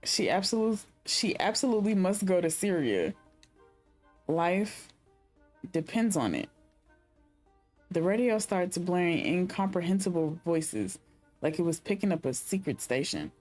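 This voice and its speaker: Brief: a young female streamer reading game narration and musing aloud, low voice with lively pitch. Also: unhurried, long pauses, soft background music. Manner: chatty, speculative asides between read-out narration. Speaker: gaming streamer. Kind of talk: reading game text and chatting during a playthrough.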